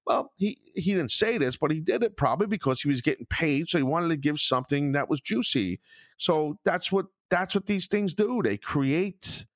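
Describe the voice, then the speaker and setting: A man's voice: on the high side, lively intonation, normal speed, no echo, clean studio sound. Blunt, profane middle-aged man host. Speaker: podcast host. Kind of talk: casual podcast chat.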